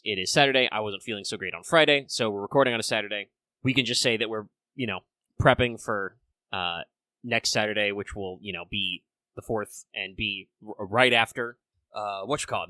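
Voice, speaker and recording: A man's voice: mid-range voice, bright, forceful tone, no room sound. A man hosting a casual podcast chat, rambling with lots of fillers, a bit under the weather. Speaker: podcast host.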